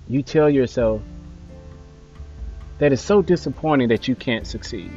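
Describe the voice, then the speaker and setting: A father giving an earnest motivational talk, his voice often dropping softly at the ends of phrases. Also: medium pitch, lively intonation, a little slow, pauses often. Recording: slightly dull audio with faint music.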